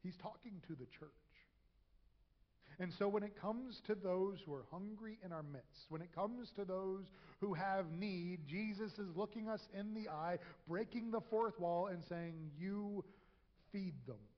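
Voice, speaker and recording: A pastor giving a conversational sermon in a church, sometimes acting out quoted voices with humor. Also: male voice, sits high, unhurried. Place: church sanctuary. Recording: echoey hall, dull lo-fi sound.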